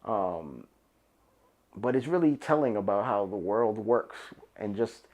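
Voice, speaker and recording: A man's voice: on the low side, lively intonation, a little slow, darkish tone. A young man with a New York accent, hosting a solo podcast in a loose, rambling, profane, emphatic way. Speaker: podcast host. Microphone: camera and podcast mic.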